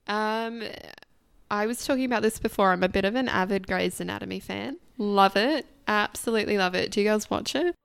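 A woman's voice: medium pitch, fairly quick, gravelly, a bit bright, smooth, no echo. A young woman in her twenties, a nurse chatting frankly on a podcast, laughing often and swearing casually. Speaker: registered nurse guest.

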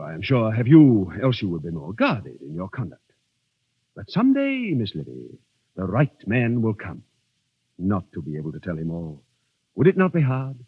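A man's voice: fairly low pitch, husky, no echo, heavily acted. A man voicing an earnest, gallant army captain who speaks in a formal, courtly manner in an old radio drama. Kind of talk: 1930s radio drama acting. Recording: muffled old radio recording.

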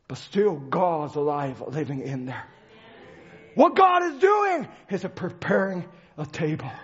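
A male preacher giving a dramatic sermon, swinging from shouts to hushed lines, on a dull lo-fi recording. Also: fairly high pitch, very animated, takes it slowly, slightly rough.

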